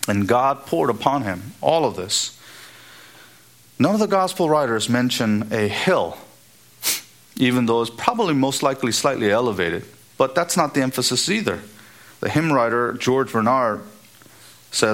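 A man preaching an expository sermon, emphatic and building to high, repeated exhortations. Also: lively intonation, normal speed, pauses often, fairly bright tone.

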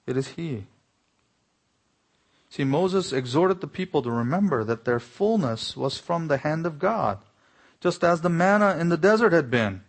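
A man's voice: medium pitch, moderate pace. A man preaching an earnest sermon as a pastor, building to pointed exclamations.

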